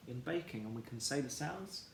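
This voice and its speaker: A man teaching a children's phonics lesson, sounding out words slowly and clearly, syllable by syllable. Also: mid-range voice, lively intonation, a little hiss or hum. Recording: echoey room with faint ambience.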